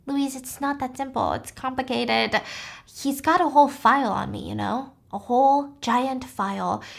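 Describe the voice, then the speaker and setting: A woman voicing a sleepy, fragile wife in a hushed, subdued manner, in a casual retelling. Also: fairly high pitch, natural voice. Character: drowsy, sedated fragile wife, adult woman.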